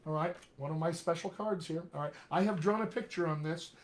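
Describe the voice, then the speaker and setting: A man's voice: a little high, brisk. Upbeat man coaching live with frequent check-ins. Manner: energetic, jokey, peppered with "all right?". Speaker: dialect coach. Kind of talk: live-streamed coaching talk. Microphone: webcam or computer mic on a live video stream.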